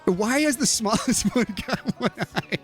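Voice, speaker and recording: This livestream host is a man with a very high voice who speaks at a measured pace. Lively and animated, he chats casually, reads viewers' comments out loud, and laughs a lot while faint music plays behind him.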